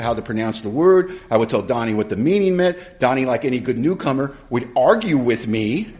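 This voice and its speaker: Colloquial, humorous middle-aged man storyteller. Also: a little high. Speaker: AA speaker. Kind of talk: recovery talk storytelling. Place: live conference hall.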